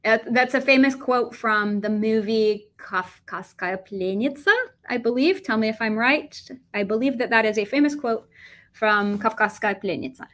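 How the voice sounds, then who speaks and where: A young American woman with a lively, animated delivery, teaching a Russian vocabulary lesson and switching between English and Russian. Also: fairly high pitch, moderate pace. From United States.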